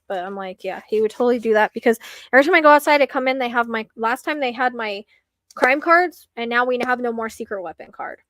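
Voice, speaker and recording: Young woman rambling on a late-night home live stream, higher voice, dry close sound, lots of likes and ums. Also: fairly bright tone, no room sound. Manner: rambling, filler-heavy, anxious. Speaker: psychic live-stream host.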